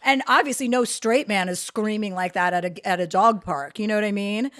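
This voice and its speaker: A middle-aged woman guest on a podcast, telling stories in a casual, deadpan and sardonic way, swearing freely. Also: medium pitch, brisk. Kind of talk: casual podcast chat, storytelling.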